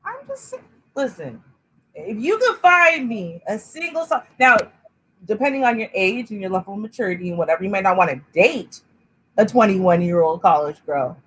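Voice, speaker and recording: A woman co-hosting a casual reaction show, chatty and thinking things through out loud. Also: medium pitch, very animated, normal speed, slight background noise, rough recording. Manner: chatty, reasoning aloud, laughs often.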